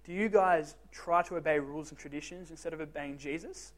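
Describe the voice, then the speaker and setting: High-voiced young man, joking youth speaker. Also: brisk. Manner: joking, self-deprecating storyteller; talks straight to the teens with questions. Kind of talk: casual youth group talk.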